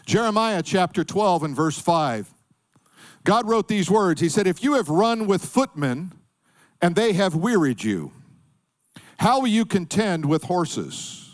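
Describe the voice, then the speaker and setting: Middle-aged male pastor, bright and animated delivery, punchy sermon style. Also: sits high, a little slow. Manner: emphatic preaching with call-and-response.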